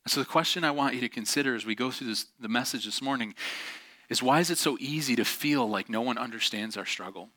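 Speaking quickly in a bright, forceful mid-range voice, a middle-aged pastor delivers a sermon. He candidly recounts his story with lots of ums and self-deprecating remarks, recorded dry and close without any room sound.

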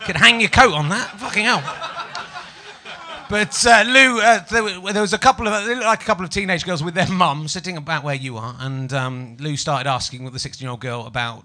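A man's voice: high-pitched, fairly quick, bright, forceful tone. A man in his forties from Yorkshire hosting a live comedy podcast in front of an audience, chatty and self-mocking, teasing people in the crowd. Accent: Yorkshire English. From Yorkshire, England. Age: 40s. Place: small live venue with audience.

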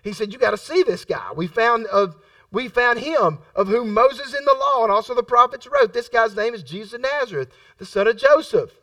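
A man's voice: extremely high pitch, expressive, fairly quick, bright, forceful tone, no room sound, recorded from a distance. A middle-aged man preaching a sermon in a conversational style, repeating phrases for emphasis and acting out the voices in his stories. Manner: acts out quoted voices in his storytelling.

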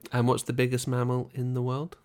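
A man from Britain co-hosting a relaxed podcast chat. He muses aloud, hedges, and lets his thoughts trail off. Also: mid-range voice, a little fast. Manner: chatty, musing, trails off. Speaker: podcast co-host. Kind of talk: casual chat.

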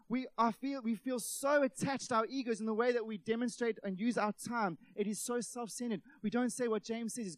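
Male preacher, high-pitched and lively, dry close sound, talks to the congregation as friends. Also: brisk, hardly any pauses, no room sound. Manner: animated, with many rhetorical questions and acted-out quotes; addresses the audience as friends. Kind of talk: sermon.

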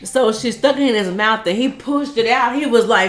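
Woman, casual co-host, blunt and profane, roomy echo. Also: a little high. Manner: blunt, quick retelling with frequent swearing. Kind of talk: casual storytelling chat. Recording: roomy echoey room.

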